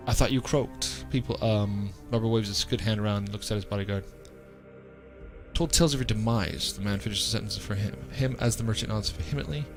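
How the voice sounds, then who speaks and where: A man's voice: on the low side, creaky. A man playing a blunt, scarred desert merchant. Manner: blunt, slangy, slow drawl. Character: corpulent scarred middle-aged male desert merchant.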